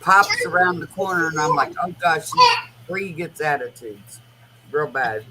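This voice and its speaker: Hosting a relaxed conversation, a woman with a low voice talks at normal speed, spinning loose, rambling, animated stories in colloquial language. The audio is a noisy home recording.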